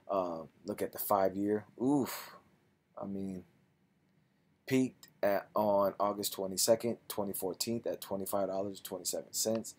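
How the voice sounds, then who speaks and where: Male investing host, lower voice, casual stock-analysis read with clipped figures and relaxed asides. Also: moderate pace. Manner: reads figures aloud in clipped phrases, then chats loosely.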